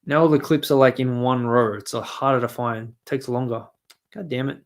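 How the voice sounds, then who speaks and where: A man's voice: mid-range voice, fairly even intonation, normal speed. A man with an Australian accent chatting and ranting casually on a stream, swearing often. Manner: ranting, swearing, mumbling asides. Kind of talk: casual profane stream chat.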